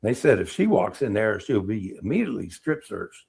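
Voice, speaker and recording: A middle-aged man, an Army veteran, telling war-era stories in a casual interview, animated and acting out what people said. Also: fairly low pitch, moderate pace, creaky, slightly rough. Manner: animated storyteller, acts out quotes, laughs.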